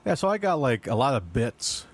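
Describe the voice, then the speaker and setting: A man with a mid-range voice co-hosting a podcast in easy conversation. He talks haltingly, stumbling and repeating words before landing his point. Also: mid-range voice, very animated. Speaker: podcast co-host. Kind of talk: casual chat.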